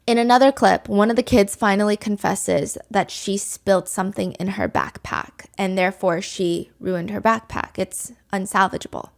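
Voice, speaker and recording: A woman's voice: medium pitch, steady tone, moderate pace, gravelly, few pauses. A woman hosting a podcast, telling a true crime story in a candid, conversational way. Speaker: podcast host.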